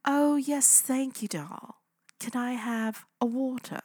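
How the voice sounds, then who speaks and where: A woman voicing her deadpan sister who puts on a theatrical fake accent. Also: sits high, takes it slowly, dry recording, studio quality, voice pushed up. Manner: theatrical, deadpan, says darling. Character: deadpan woman faking a posh put-on accent.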